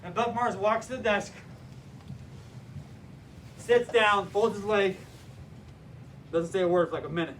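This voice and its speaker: High-voiced animated male storyteller. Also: a little slow, pauses often, slight background noise. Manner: animated, acts out voices and shouts. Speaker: teacher trainer telling a story. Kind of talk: storytelling talk to a live audience. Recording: echoey room, mic from far off.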